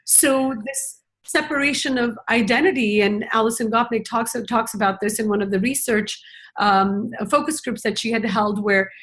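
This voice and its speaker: A woman's voice: on the high side, moderate pace, a bit bright. A middle-aged woman speaking as a parenting educator in a conversational conference talk, reflective and earnest, with many "you know" fillers.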